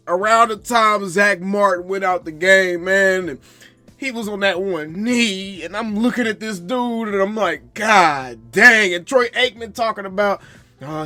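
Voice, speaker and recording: A man's voice: sits high, sharp tone, no echo. A man with a daughter in second grade, ranting animatedly about his team and laughing through exaggerated mock grief. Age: adult parent. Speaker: sports fan commentator. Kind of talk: casual fan rant to camera.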